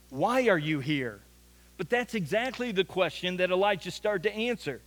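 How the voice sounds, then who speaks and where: A man's voice: high voice, a bit bright. A man preaching a sermon as pastor, telling a scripture story in an earnest way and often repeating words for emphasis. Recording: long reverb of a large hall.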